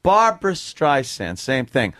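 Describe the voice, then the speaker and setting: A man's voice: medium pitch, big pitch swings, measured pace, a bit bright, no echo. Male radio host, crude joker, mid voice, dry close mic. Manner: joking, irreverent, many fillers. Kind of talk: crude comedic radio banter.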